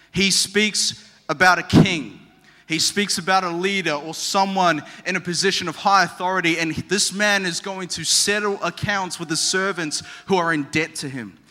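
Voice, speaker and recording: A male pastor preaches in a bright, fairly high voice, talking conversationally and slipping in humor. He asks the congregation questions as he goes. The long reverb of a large church hall trails after each phrase. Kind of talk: sermon.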